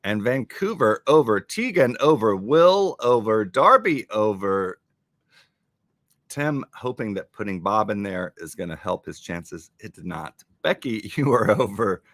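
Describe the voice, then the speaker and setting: A man chatting on a live stream with bright, sharp tone and a voice that leaps up and down. He jokes and thanks his viewers, and the sound is close and dry. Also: lowish voice, unhurried, no room sound. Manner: animated, joking, thanking viewers. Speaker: livestream host. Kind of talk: casual live-stream chat. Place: home in Rochester, New York.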